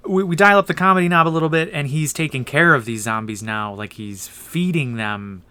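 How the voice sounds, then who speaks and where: A man's voice: a little high, brisk, bright, forceful tone, smooth, no room sound. A man co-hosting a casual film review podcast, rambling through scenes with many restarts. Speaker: podcast co-host.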